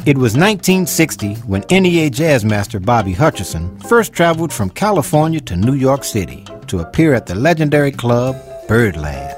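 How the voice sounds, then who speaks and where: Male radio announcer, scripted narration, animated delivery. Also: medium pitch, normal speed, few pauses. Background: music.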